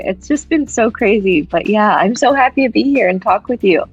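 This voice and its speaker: A woman's voice: mid-range voice, animated, normal speed, few pauses, breathy edge, lo-fi sound, faint music behind. A woman author who talks in a bubbly, effusive way as a guest in a podcast interview.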